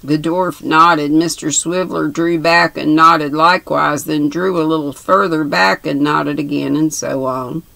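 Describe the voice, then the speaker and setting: A woman in her sixties calmly reading a novel aloud. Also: low-pitched, vocal fry, no room sound, rough recording. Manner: calm, measured reading. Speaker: reader.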